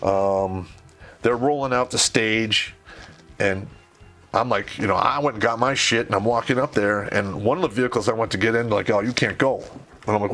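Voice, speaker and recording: A man's voice: fairly low pitch, moderate pace, a bit bright. A man telling a war story in casual, profane speech, acting out the voices of the people he quotes.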